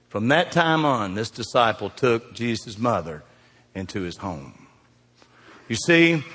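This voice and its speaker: A middle-aged man preaching a folksy sermon, swinging from loud emphasis down to hushed, quiet lines. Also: mid-range voice, lively intonation, unhurried. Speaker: pastor. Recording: reverberant hall.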